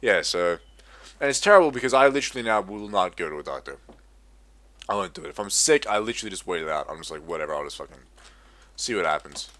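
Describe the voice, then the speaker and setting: Young aussie dude ranting n swearing, kinda low voice. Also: male voice, sing-song, fast, fairly bright tone. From Australia. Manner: profane, ranting, exasperated. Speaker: gaming commentator. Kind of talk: casual rant over gameplay.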